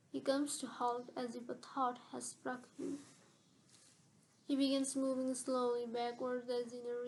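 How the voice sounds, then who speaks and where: Woman narrator for a novel; high, even delivery, measured and steady. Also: slight background noise, rough recording. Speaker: audiobook narrator.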